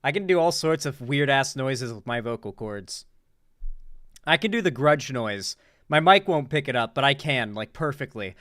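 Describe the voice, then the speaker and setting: A woman's voice: a bass voice, animated, normal speed, a bit bright, dry recording, clean studio sound. A woman hosting a casual livestream, joking, rambling and swearing freely as she talks to her chat. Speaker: streamer host.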